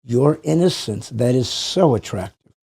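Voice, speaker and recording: A man's voice: mid-range voice, animated, unhurried, vocal fry, a little mellow, breathy edge. A man hosting a studio podcast, talking in an earnest, encouraging, somewhat preachy way. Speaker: podcast host. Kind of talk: interview chat.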